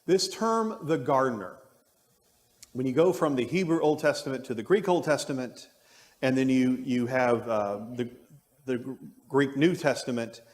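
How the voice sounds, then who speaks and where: A man with a darkish, medium-pitched voice leads adult Bible study at a moderate pace, working through his ideas aloud with many restarts. The recording carries the long echo of a church room, where the class is held.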